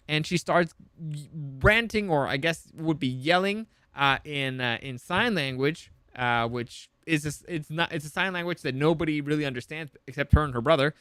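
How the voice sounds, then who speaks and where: Male reviewer, higher-pitched, rambling and swearing, dry close sound. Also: moderate pace, bright, forceful tone, clean tone, no echo. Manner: rambling, profane, full of fillers and restarts. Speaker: TV show reviewer. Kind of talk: casual episode recap.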